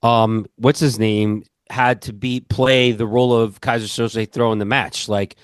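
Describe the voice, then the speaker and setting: A man's voice: mid-range voice, level tone, measured pace, clean tone, no echo, clean studio sound. A man with a Long Island New York accent, co-hosting a podcast in casual, rambling chat full of fillers. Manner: rambling, filler-heavy storytelling. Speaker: podcast co-host.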